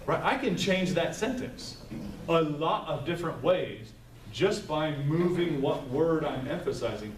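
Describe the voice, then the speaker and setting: In a training room set with tables, a man runs a live staff session in an expressive, fairly high voice, unhurried as he chats, tells stories and checks in with "right?" The audio echoes, the mic is distant, and faint noise is present.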